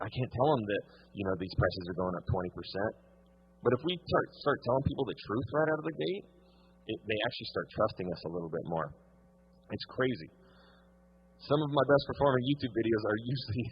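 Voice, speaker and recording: A man speaks fast and bluntly to a conference crowd, swearing without a second thought. His lowish voice is rough and breathy. The recording sounds dull and lo-fi, as if captured in a large hall. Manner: blunt, swears casually, quick and animated. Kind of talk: energetic seminar talk.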